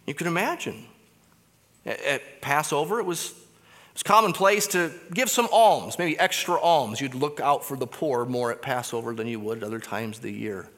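A man preaching a sermon, swinging between loud emphatic lines and hushed low phrases. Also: moderate pace. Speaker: pastor. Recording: long hall reverb.

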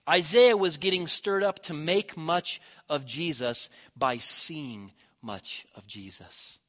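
A man preaching a sermon, swelling loud on key words and dropping to a near hush at the ends of phrases. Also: fairly high pitch, slow, few pauses.

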